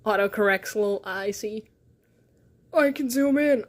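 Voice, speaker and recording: A woman's voice: medium pitch, measured pace. Giggly woman chatting on a livestream. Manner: rambling, giggly, self-deprecating. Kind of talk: casual livestream chat. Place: her bedroom, on a beanbag chair. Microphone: phone on a tripod.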